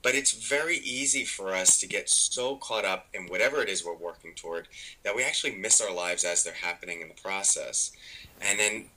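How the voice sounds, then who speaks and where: A man's voice: low voice, brisk, bright, forceful tone, poor audio. A man, a meditation author and podcast guest, explaining in casual chat and acting out the inner voices of his stories.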